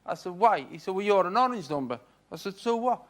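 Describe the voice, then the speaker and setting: A man from Liverpool with a Liverpool accent, telling a long stand-up anecdote on stage in a dry, deadpan way. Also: high-pitched, fairly quick. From Liverpool, England. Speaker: stand-up comedian. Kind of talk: stand-up storytelling. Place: TV studio stage with audience.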